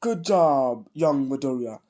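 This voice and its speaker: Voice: medium pitch, expressive, slow pace, mellow. A speaker with a cold voicing a cheerful, theatrical adult male hero mentor in a casual fan story. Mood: hearty. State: sick with a cold.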